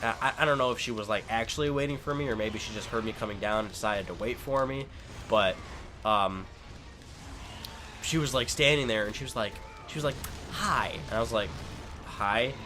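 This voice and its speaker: A man's voice: lowish voice, brisk, bright, forceful tone, soft background music. Rambling, cursing man narrating his gameplay. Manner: rambling and heated, lots of swearing and fillers. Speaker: gaming commentator. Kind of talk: casual gameplay commentary.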